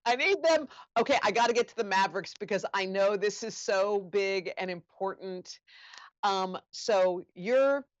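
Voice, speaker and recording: A woman's voice: medium pitch, unhurried, no room sound, dull audio. A woman interviewer on stage, reacting with feeling as she asks her questions. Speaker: interviewer, TV co-anchor.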